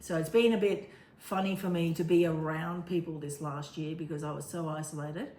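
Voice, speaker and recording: A woman co-hosting a relaxed talk, her voice sitting slightly low. She rambles warmly through her thoughts and laughs easily. The recording is roomy with a faint hiss. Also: fairly quick. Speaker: co-host. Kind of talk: casual chat. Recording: echoey room with faint noise.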